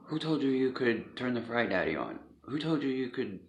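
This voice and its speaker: A man voicing an angry, yelling elderly grandfather, recorded in an echoey, dull room. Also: on the low side, level tone, normal speed, a little hiss or hum, voice pushed up, close to an everyday voice. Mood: furious. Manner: accusing, yelling.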